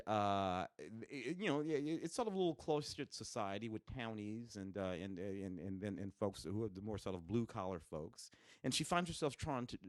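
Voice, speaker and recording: A man's voice: lowish voice, dry recording, clean studio sound. A man co-hosting a casual podcast, enthusiastically reviewing home video releases. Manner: animated, restarts and fillers, enthusiastic. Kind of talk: casual chat.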